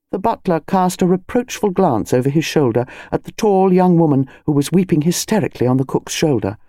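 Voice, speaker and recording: Female audiobook narrator, lively pitch, mellow timbre. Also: fairly quick, hardly any pauses, no echo, clean studio sound. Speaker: audiobook reader. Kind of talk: scripted narration.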